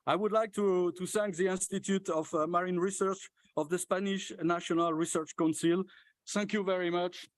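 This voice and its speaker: A man giving closing remarks at a conference as its organizer, thanking everyone in a halting way with many hesitations and restarts. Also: high-pitched, fairly even intonation, dry recording. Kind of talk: closing speech thanking participants. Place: conference hall stage.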